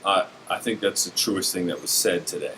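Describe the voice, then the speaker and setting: A man's voice: sits low, normal speed, sharp tone, a little hiss or hum, rough recording. A man from West Virginia chatting casually as a podcast guest and comedian, joking and laughing often. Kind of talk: casual chat.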